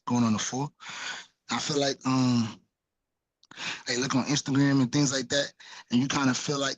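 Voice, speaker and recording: A man's voice: medium pitch, husky, no echo, rough recording. A man with a New York accent, a newer real estate agent, chatting loosely on a video call with lots of "like" and "you know". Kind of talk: casual chat.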